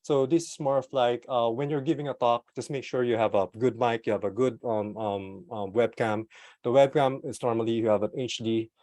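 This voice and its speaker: A man giving an online talk about product management through a desktop microphone. He speaks casually with fillers and light laughs, swings widely in pitch and loudness, and uses deliberate pauses and slowdowns. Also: steady tone, no echo. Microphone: desktop USB microphone.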